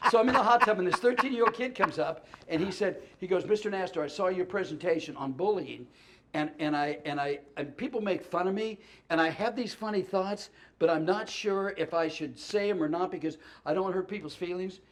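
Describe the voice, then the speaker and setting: A man telling comic stories as a talk show guest, animated, stumbling over restarts and laughing through punchlines. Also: high voice, a little fast. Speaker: comedian and guest. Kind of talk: storytelling chat.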